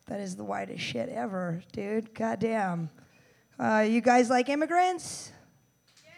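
A young American woman doing stand-up comedy, her voice sitting a bit high for a woman. She is brash and profane, swinging between loud outbursts and deadpan mock-tough asides. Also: measured pace, vocal fry. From United States.

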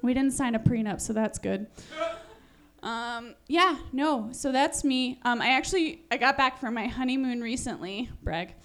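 A woman's voice: a little high, moderate pace, fairly bright tone. A young woman comedian telling a rambling, self-deprecating stand-up story, full of "like" and "um". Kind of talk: stand-up monologue.

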